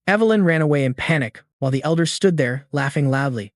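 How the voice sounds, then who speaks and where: A man narrates a story recap in a steady, scripted way. His voice sits fairly high. The recording is dry and close. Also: quick pace, few pauses, no echo.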